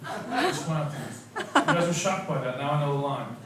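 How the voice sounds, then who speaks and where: A man doing a stand-up set, swinging from loud, profane outbursts to muttered asides. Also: a little high, big pitch swings, fairly quick. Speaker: stand-up comedian, English teacher. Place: comedy club stage before a laughing audience. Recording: echoey club, mic from far off, crowd noise. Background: laughing audience.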